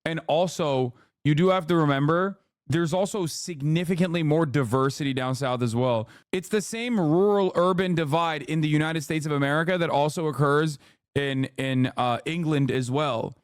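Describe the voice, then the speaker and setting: A man's voice: fairly high pitch, moderate pace, clear, resonant tone, no echo, clean studio sound. A man hosting a live political commentary stream, heated and ranting, swearing often as he answers his chat. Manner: reads chat aloud and answers it. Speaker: streamer host.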